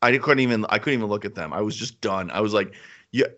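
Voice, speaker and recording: A man's voice: lowish voice, fast, a bit bright. A man chatting casually as co-host, enthusiastic and rambling, often repeating himself. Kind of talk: casual chat. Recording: slightly dull lo-fi sound.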